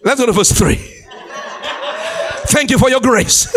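A male pastor preaching a sermon in an exclamatory style, calling out to the congregation and often laughing and shouting for emphasis. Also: extremely high pitch, measured pace, long pauses. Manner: exclamatory preaching with call-and-response.

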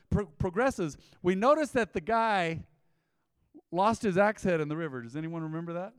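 A man's voice: high-pitched, expressive, moderate pace, clear, resonant tone, clean studio sound. Emphatic preaching man, long hall reverb. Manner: emphatic preaching with rising bursts and quoted asides. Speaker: pastor. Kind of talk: sermon. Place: church sanctuary. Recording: live church sermon with long hall reverb.

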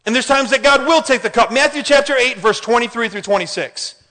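A man preaching a sermon in an animated way, often asking the congregation questions. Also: very high-pitched, fairly quick. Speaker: pastor. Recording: hall reverb.

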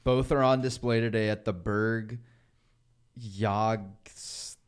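A man's voice: lowish voice, steady tone, slow pace, clean tone. A young man hosting a podcast in casual chat, laughing often and stumbling over tricky names. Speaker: podcast host.

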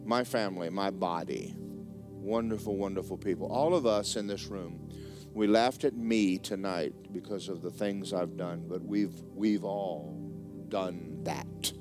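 A man's voice: sits low, a little slow, music in the background. Folksy preacher man. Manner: folksy, joking storyteller, repeats words for effect. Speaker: pastor. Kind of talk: sermon.

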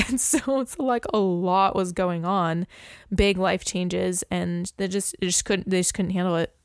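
Smooth-voiced young woman telling stories. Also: on the low side, dry recording, studio quality. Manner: animated storyteller, laughs often, acts out quotes. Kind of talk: casual podcast chat.

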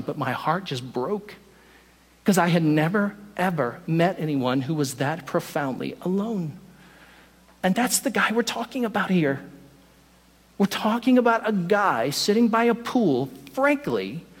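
A man preaching a sermon, telling a story in an animated way and acting out the lines of the people in it. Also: sits high. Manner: storytelling, animated, acts out quotes. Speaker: pastor. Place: church sanctuary. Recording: long hall reverb.

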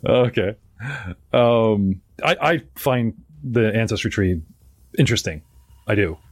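A man's voice: on the low side, takes it slowly, dry recording. A man hosting a live-streamed tabletop game, chatty and rambling as he introduces his players. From North America. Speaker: game master and podcast host.

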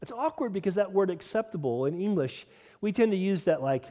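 Man, pastor, sermon, lively swooping delivery, slightly high voice, long hall reverb. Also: a little fast. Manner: animated preaching with conversational asides.

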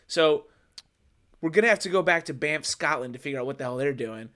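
A man trading quick deadpan jokes in a casual podcast chat. His voice sits a little higher than most men's. He delivers gags in a dry, offhand way. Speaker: podcast co-host.

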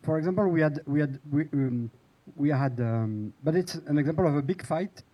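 A man who writes for TV, speaking on a panel in a halting, hesitant way with many restarts. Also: fairly high pitch, highs cut off. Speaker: TV screenwriter on a panel.

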